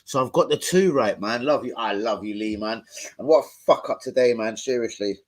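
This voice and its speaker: A man's voice: medium pitch, fairly quick. A young man, swearing and rambling in casual slang as he chats on a live stream from home into his phone. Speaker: football fan streamer.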